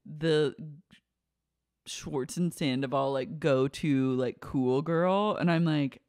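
A woman's voice: deep voice, slow, darkish tone, dry recording, studio quality. A woman co-hosting a podcast, chatting casually and playfully about a reality show, acting out dramatic voices. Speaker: podcast co-host. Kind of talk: casual pop-culture recap chat.

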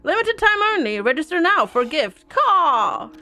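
A woman voicing a pushy crow that squawks out sales pitches in a game. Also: big pitch swings, normal speed, pushed and bright, full character voice. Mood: salesy.

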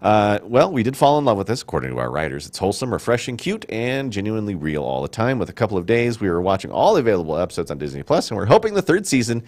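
A middle-aged man hosting a casual studio chat, joking and rambling in an animated way. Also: on the low side, quick pace, hardly any pauses. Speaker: show host.

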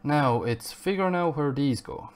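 A man's voice: fairly high pitch, expressive, moderate pace, clear, resonant tone. A man streaming a video game live, chatty and self-mocking, and swearing at the game now and then. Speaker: gaming streamer. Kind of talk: live gameplay commentary.

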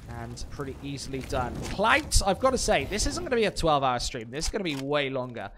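A man commentating an esports match on a live stream, brisk and chatty, talking to viewers between plays. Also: medium pitch, very animated, a bit bright, slight background noise.

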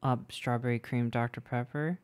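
A woman's voice: very deep voice, steady tone, normal speed, a little mellow, clear, resonant tone. A woman hosting a game stream, chatting casually in a playful, giggly way. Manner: playful, giggly, talks in bursts. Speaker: streamer host.

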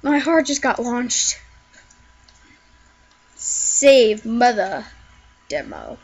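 High, excitable woman gamer. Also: drawn-out words, husky, dull audio. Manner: excitable, squealing and shrieking at the game; jokey running self-talk. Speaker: gaming video creator. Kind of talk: let's play commentary.

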